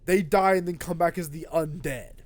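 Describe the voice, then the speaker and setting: A man's voice: fairly high pitch, normal speed, no room sound. A young man streaming a game, rambling and swearing freely in casual chat with a friend. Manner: rambling, excitable, swears a lot.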